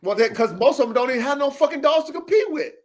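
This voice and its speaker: A man's voice: very high-pitched, lively intonation, fast talker. Emphatic, preachy male podcast host. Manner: emphatic, preachy, repetitive pep-talk with profanity. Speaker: podcast host, dog breeder. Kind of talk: casual livestream podcast talk. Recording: roomy echo.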